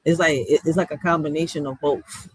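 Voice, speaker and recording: A man's voice: on the high side, level tone, a little fast, slightly rough, no room sound, rough recording. A young man, chatting casually and rambling with slang and frequent laughs as he answers his chat. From US East Coast. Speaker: streamer responding to chat.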